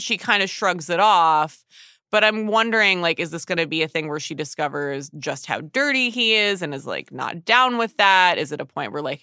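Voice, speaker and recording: A podcast co-host talking through a TV episode in casual chat. The voice is bright and forward, animated, and full of "like". It is recorded close and dry with no room sound. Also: medium pitch, no echo. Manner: chatty, animated, peppered with "like".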